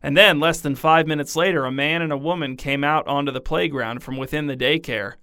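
Bright, crisp male storyteller. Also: fairly high pitch, fairly even intonation, fairly quick, no echo, clean studio sound. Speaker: narrator. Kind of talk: scripted storytelling.

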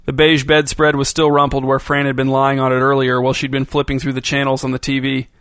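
A man narrating a novel in a steady, even storytelling voice. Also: medium pitch, quick pace, clean tone, dry recording. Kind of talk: audiobook narration.

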